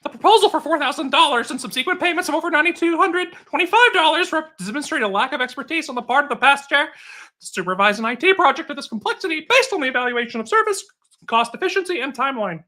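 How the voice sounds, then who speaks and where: A man putting on a squeaky, strained high voice, attempting a London accent while reading a report. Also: expressive, quick pace, pushed and bright, full character voice. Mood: mock-serious.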